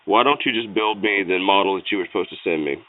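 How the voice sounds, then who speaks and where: Deep-voiced caller, frustrated and pushy, phone-line sound. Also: male voice, fast, no room sound. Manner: frustrated, pressing, persistent. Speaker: customer calling support. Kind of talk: phone call.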